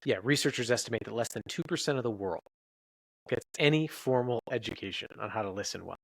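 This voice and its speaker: A man's voice: mid-range voice, expressive, fast, vocal fry, fairly bright tone, no room sound, low-quality recording. A man, a researcher guest on a podcast interview, explaining his work in an earnest, explanatory way.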